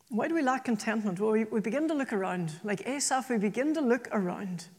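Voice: mid-range voice, expressive, a little fast, hardly any pauses, a little mellow, husky. A preacher delivering an earnest sermon, often repeating phrases for emphasis. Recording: long reverb from a hall.

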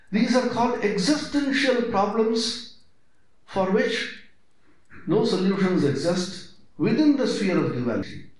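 A man giving a spiritual discourse, asking rhetorical questions and stressing his points. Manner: emphatic, rhetorical questions, lively swings in pitch. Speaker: spiritual teacher. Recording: very echoey hall.

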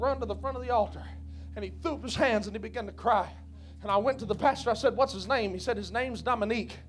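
A man preaching a revival sermon in a church, shouting his lines with a rhythmic "uh" between phrases and telling folksy stories. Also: very high voice. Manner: shouted preaching punctuated by a breathy "uh"; folksy storytelling, calls himself a redneck. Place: church sanctuary.

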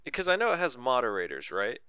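A man co-hosting a podcast in easygoing casual chat, from the United States, quick to agree and laugh. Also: medium pitch, huge pitch swings, pushed and bright, clear, resonant tone, no echo. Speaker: podcast co-host.

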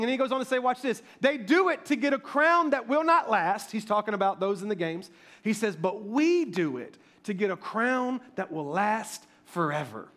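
High-voiced, animated pastor preaching. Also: male voice. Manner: animated, emphatic preaching with repeated stammered restarts. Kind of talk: sermon.

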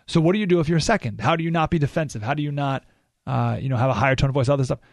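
A man's voice: a little high, racing, dry recording. A man hosting a radio talk show, giving an emphatic, opinionated monologue full of rhetorical questions, recorded in a studio.

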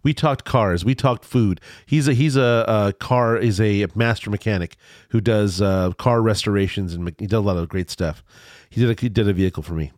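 A man's voice: fairly low pitch, moderate pace, a little mellow, no room sound, clean studio sound. A man hosting a podcast in casual chat, sounding congested and nasal, rambling and restarting his sentences. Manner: rambling, repeats words, restarts often. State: congested, stuffy nose. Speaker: podcast host.

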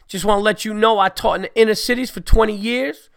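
A man putting on the voice of a stern, tough male substitute teacher who mangles names, loud and high. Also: steady tone, fast talker, vocal fry. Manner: loud, high, indignant delivery.

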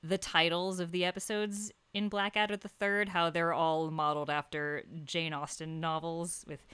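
A woman co-hosting a casual podcast chat, enthusiastic and quick to laugh as she explains at length. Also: fairly low pitch, little pitch movement, a bit bright, smooth, dry recording. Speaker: podcast co-host. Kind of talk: casual chat about a TV comedy.

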